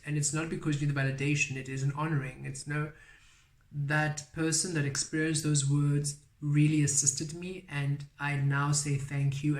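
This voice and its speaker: Guy doing a spiritual tarot reading, kinda high voice but flat, lots of repeated affirmations, echoey room. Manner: soft-spoken, repeats affirmations. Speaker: tarot reader. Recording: roomy echo.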